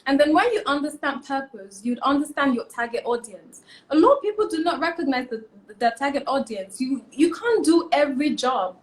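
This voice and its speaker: Emphatic young woman, high voice. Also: brisk. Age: young adult. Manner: emphatic, repeats key points, animated. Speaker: interview guest, fashion stylist. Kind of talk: casual interview, motivational advice.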